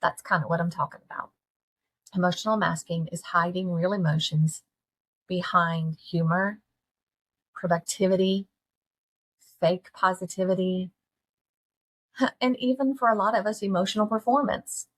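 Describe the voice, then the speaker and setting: A middle-aged woman talks straight to her listeners, earnest and folksy. Her voice sits on the low side and has a husky grain, and she keeps asking her audience direct questions. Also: fairly even intonation, normal speed, long pauses, a bit bright. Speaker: podcast host. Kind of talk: candid solo talk to listeners.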